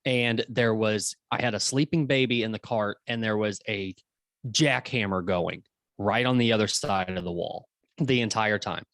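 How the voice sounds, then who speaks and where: A man's voice: lowish voice, moderate pace, fairly bright tone, no room sound. A man co-hosting a podcast, chatting casually and laughing along with his partner. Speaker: podcast co-host.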